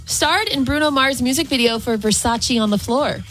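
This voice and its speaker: A woman's voice: high voice, moderate pace, a bit bright, faint music behind. A woman co-hosting a radio morning show, reading quiz questions playfully. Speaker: radio co-host.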